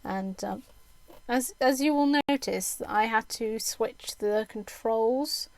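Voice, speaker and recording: Slow-talking giggly British woman streamer. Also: a little high, no room sound, low-quality recording. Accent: mixed British, mostly Southern English. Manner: chatty, giggly, many ums and restarts. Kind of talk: casual chat with viewers.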